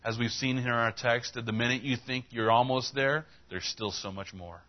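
A man's voice: mid-range voice, steady tone, normal speed, highs cut off. A man preaching a sermon as pastor, telling a story in a conversational way and retelling dialogue with rising emphasis.

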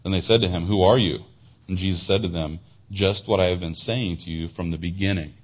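A man's voice: brisk, breathy edge. A man preaching a sermon. He teaches verse by verse, explains Hebrew words, and lifts his voice when he drives a point home. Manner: rises in pitch and volume for emphasis. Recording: dull lo-fi sound.

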